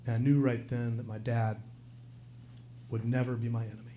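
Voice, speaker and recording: A man's voice: mid-range voice, flat delivery, brisk, background noise. Earnest man telling a personal story live. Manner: earnest and reflective. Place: live venue stage.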